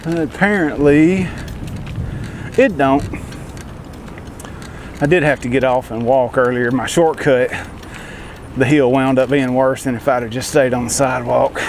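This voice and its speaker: A man's voice: medium pitch, fairly even intonation, a little slow, pauses often. Breathless Southern man vlogging by bike. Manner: folksy, self-deprecating, talks to viewers as y'all. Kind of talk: casual vlog narration while cycling. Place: outdoors on a bicycle by the road. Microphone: action camera. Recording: loud road and traffic noise.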